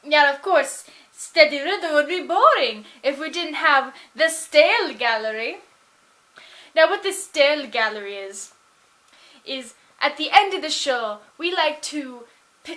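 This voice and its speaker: A woman's voice: high-pitched, animated, sharp tone, heavily acted. A woman doing a gushing, salesy game show promoter. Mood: effusive. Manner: slow, drawn-out, effusive salesy delivery. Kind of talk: improvised character monologue.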